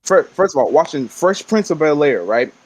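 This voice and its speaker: Male co-host, upbeat and lively with a higher voice and loose slang. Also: moderate pace. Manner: animated, slangy, laughs often. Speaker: podcast co-host. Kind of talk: casual chat.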